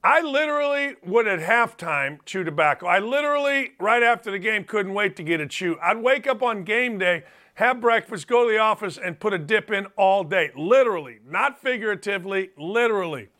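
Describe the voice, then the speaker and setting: A man's voice: high voice, lively intonation, normal speed, pushed and bright. A man in his fifties hosting a sports talk show, telling stories emphatically and repeating phrases for effect. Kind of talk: animated sports talk monologue.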